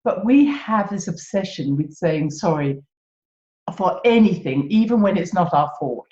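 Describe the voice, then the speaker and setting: British woman podcast host, low voice, gentle and wry, echoey room, dull lo-fi sound. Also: lively intonation, a little slow. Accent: British English. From Britain. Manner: gentle, self-mocking, laughs often. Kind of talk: reflective solo podcast talk.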